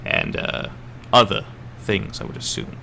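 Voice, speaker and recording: Man putting on a low hushed voice, secretive cloaked stranger, measured, slow, tabletop game. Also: a little hiss or hum. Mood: hushed, guarded.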